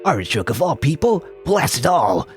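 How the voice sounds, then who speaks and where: A hot-headed muscled cartoon warrior, done by a man bellows melodramatic vows in a raised, lively voice. Clear music runs underneath. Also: medium pitch, moderate pace, voice pushed up, lightly acted. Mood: furious.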